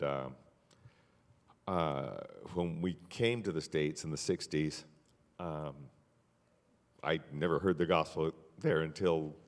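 An older man telling his life story as an interview guest, measured and unhurried, with frequent fillers and soft laughs. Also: rumbling low. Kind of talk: personal testimony in conversation. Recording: long hall reverb.

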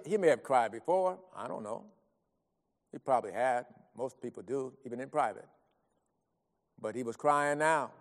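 A middle-aged man preaching an earnest, pleading sermon that swings between soft talk and loud cries. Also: medium pitch, in a large hall.

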